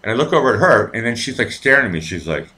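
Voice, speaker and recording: A man's voice: mid-range voice, very animated, rapid-fire, pushed and bright. A man hosting a live show, telling a story in a rambling, profane, casual way with many restarts.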